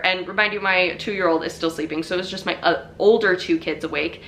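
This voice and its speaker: A young woman talks straight to her audience in a chatty, rambling way, scattering fillers as she goes. Her voice sits a little low and has a bright, forceful edge, with a faint hiss of noise underneath. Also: brisk, few pauses. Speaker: vlogger telling her birth story. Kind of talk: casual storytelling to camera.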